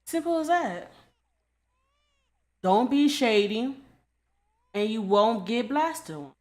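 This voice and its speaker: High-voiced woman ranting bluntly. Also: big pitch swings, slow, darkish tone. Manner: blunt, repetitive, profane scolding. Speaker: commentary creator. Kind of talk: casual commentary rant.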